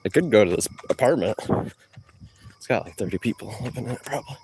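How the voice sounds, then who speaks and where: A man's voice: fairly low pitch, lively intonation, quick pace, noisy background. Rambling joking man streaming outdoors. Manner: joking, trash-talking, rambling. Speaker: vlogger streaming live. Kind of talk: rambling live-stream chat while jogging.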